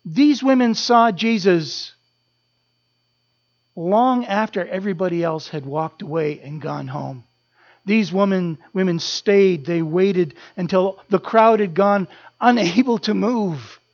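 A preacher delivering a sermon with impassioned repetition, building up and falling to a hush. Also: medium pitch, slow, lo-fi sound. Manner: impassioned, repetitive, swelling then dropping to a hush.

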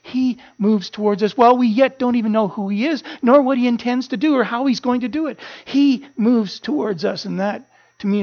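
A pastor preaching a sermon, earnest and building to animated emphasis. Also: male voice, high voice, vocal fry. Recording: muffled lo-fi sermon recording.

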